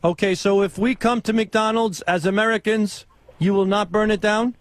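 Man putting on a high-voiced accented prank caller, blunt broken english. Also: steady tone, moderate pace, close to an everyday voice. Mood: mock-earnest.

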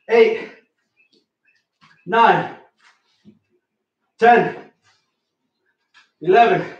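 A man's voice: high voice, a bit bright. A man coaching a home workout, counting reps aloud and giving technique cues, somewhat out of breath. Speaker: fitness coach. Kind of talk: workout instruction with rep counting. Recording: echoey room, voice from a distance.

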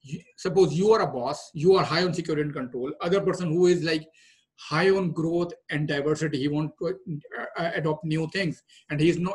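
A man's voice: on the high side, a little mellow, breathy edge. A man teaching a lesson on emotional drives in a conversational way, with many fillers and restarts. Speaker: trainer. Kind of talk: lecture on group dynamics.

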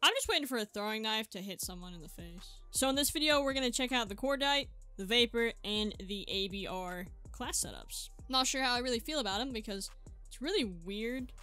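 An excitable woman commenting on her own gameplay, her voice bright and a little high. She chats straight to her viewers and breaks into sudden yelps and exclamations, with faint music playing under her. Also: a little fast. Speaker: gaming channel host. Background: faint background music.

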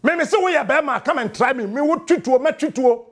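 A middle-aged man with a Ghanaian accent, a radio morning show host delivering a fiery, mocking on-air rant and often shouting in a studio. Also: extremely high pitch, fast, slight background noise.

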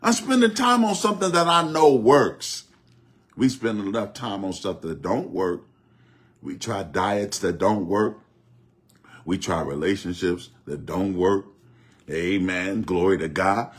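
A middle-aged man preaching a Bible study, repeating phrases and dropping frequent amens. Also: fairly high pitch. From Oklahoma, US. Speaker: bishop teaching Bible study.

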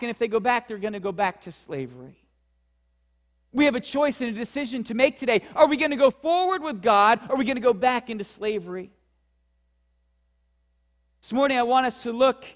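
A man with an unusually high voice delivers a sermon from the pulpit of a church. He preaches with a Central Pennsylvania accent, rising high and loud on key points and dropping low and slow to drive them home. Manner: preaching with dramatic swings in pitch and loudness, slowing for emphasis. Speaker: pastor. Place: church sanctuary.

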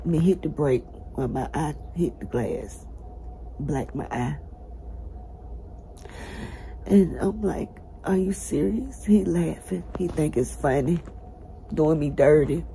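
A woman's voice: deep voice, lively intonation, slow pace, gravelly, pauses often, dark tone, a little hiss or hum, poor audio. A woman tells viewers about her time in jail, urgent and pleading, out of breath and close to tears, her voice breaking as she talks. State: breathless, cried out. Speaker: person recounting a jail ordeal. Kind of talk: emotional first-person testimony to viewers.

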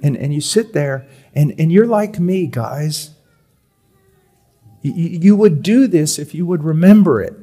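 Man preaching, emphatic then hushed. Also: a little high, lively intonation, unhurried. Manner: swings from loud emphatic reading to quiet confiding tones; repeats words for emphasis. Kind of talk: sermon. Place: church or conference hall.

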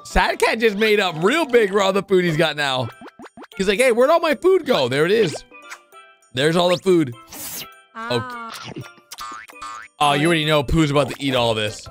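A man hosting a reaction video, excitably narrating what he sees and laughing often. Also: high-pitched, moderate pace, pauses often, soft background music. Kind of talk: casual reaction commentary.

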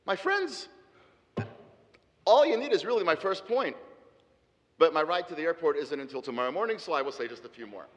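A man's voice: a little high, expressive, quick pace. A middle-aged man giving an emphatic debate speech with rhetorical repetition, speaking in a large hall. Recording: hall reverb.

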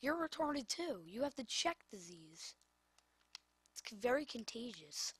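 High, lively exasperated woman gaming. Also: measured pace, husky. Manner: exasperated, scolding the players on screen. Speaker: gamer. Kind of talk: gameplay commentary.

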